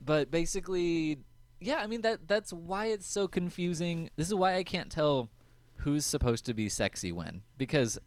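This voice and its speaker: A man's voice: a little high, animated, normal speed, no room sound. A man co-hosting a podcast, chatting casually and jokingly about an episode, laughing often and acting out quotes. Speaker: podcast co-host. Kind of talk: casual recap chat.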